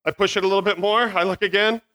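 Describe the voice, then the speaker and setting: A man with a high-sitting voice tells a funny story to an audience at a fast clip. He's animated and self-mocking, acting out sounds, with a small mic positioned near his beard.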